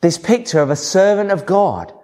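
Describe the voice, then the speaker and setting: A male preacher delivers a sermon, leaning hard on key words. His voice sits a little high and swings widely in pitch, slowing down to stress a point. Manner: expressive, varied emphasis.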